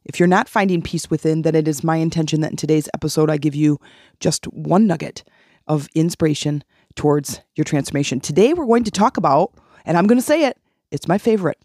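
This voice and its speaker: A woman's voice: deep voice, a little fast, dark tone, no echo, studio quality. A woman hosting a self-help podcast, talking to listeners in an emphatic, conversational way. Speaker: podcast host.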